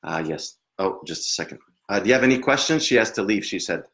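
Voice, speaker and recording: A man working as a psychic medium, giving a live reading in a hesitant, halting way with frequent laughs. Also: lowish voice, expressive, a bit bright.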